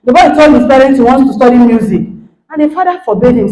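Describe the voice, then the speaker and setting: Middle-aged Nigerian woman speaker with an expressive voice and lively pitch, recorded with roomy hall echo. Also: fast. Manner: animated, acts out quoted dialogue, checks in with listeners. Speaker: guest speaker, lecturer. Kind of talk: motivational talk to an audience.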